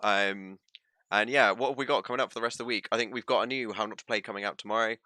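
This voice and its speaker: A man's voice: fairly low pitch, fairly even intonation, quick pace, sharp tone, no room sound. A man hosting a gaming stream, chatty with lots of ums and mock-dramatic asides. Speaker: host wrapping up the stream. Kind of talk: casual livestream sign-off.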